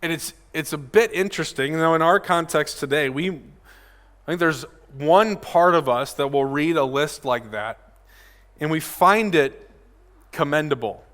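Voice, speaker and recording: A man's voice: on the high side, a little slow, a bit bright, long reverb tail. A male pastor giving a casual, direct sermon at a pulpit microphone and often asking his congregation questions. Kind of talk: conversational sermon. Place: church sanctuary.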